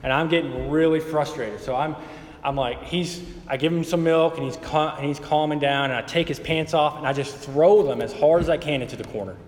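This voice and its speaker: A man in his thirties preaching a sermon, moving between quiet, conversational storytelling and emphatic passages. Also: a little high, brisk. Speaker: pastor. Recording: hall reverb with faint ambience.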